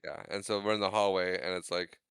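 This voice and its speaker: A man with a lowish, bright voice chats through a movie recap. His tone is clean and crisp, and he keeps jumping into playful character voices. The sound is dry and close. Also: fairly quick, no room sound. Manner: animated, acts out quotes in funny voices. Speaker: podcast co-host. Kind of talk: casual movie recap chat.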